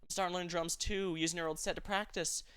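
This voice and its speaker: Guy doing a hyped little kid voice, high, chirpy. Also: fast talker, smooth. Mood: excited. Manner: excited, chirpy. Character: eager little sibling who idolizes big sister.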